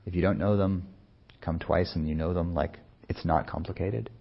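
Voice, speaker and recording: A man speaking as a meditation teacher in a soft-spoken, unhurried, musing way, with many pauses. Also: sits low, fairly even intonation, gravelly, breathy edge, muffled recording. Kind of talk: reflective dharma talk.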